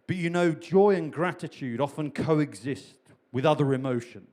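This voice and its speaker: A man's voice: on the high side, normal speed, a little mellow. A man preaching a sermon in a chatty, humorous way, repeating key phrases for emphasis. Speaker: pastor.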